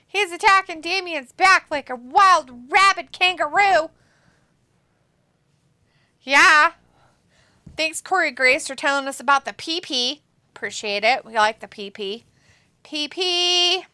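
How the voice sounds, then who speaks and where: A woman hosting a wrestling watch-along, commenting excitedly and joking as she mimics the wrestlers. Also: high-pitched, moderate pace, dry recording. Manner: excitable, jokey, mimics wrestlers in silly voices.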